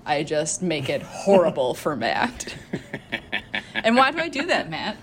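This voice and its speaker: A woman's voice: deep voice, wildly swooping pitch, unhurried, slight background noise. A woman co-hosting a casual podcast, playful and giggly, teasing her friends. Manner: giggly, playful, self-mocking. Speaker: podcast co-host. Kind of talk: casual chat.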